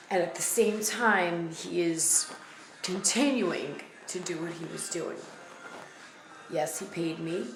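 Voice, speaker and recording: Blunt New woman vlogger, low gravelly voice, emphatic and repetitive, echoey room with faint music. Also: background noise. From the Bronx, New York. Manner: emphatic and blunt, repeating phrases for weight. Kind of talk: candid personal storytelling to camera.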